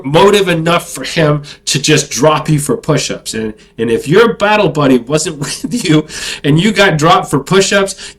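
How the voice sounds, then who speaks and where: A male army veteran talks through his memories in a loose, rambling monologue. His voice sits high for a man, and he swears freely and pokes fun at himself as he goes. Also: rough recording. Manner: rambling, profane, self-mocking. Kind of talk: casual storytelling monologue.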